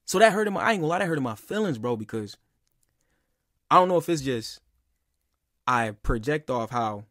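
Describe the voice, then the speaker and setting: A man's voice: mid-range voice, animated, moderate pace, fairly bright tone, dry recording, studio quality. A young man telling a personal story in a casual, rambling and heated way, with lots of "bro" and "like.". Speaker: podcast speaker.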